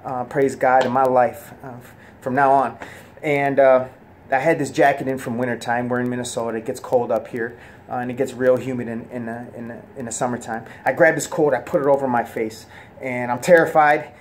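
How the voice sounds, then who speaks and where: A man telling his personal religious testimony in an earnest, soft-spoken way, halting often with fillers and restarts. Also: medium pitch, flat delivery, slight background noise.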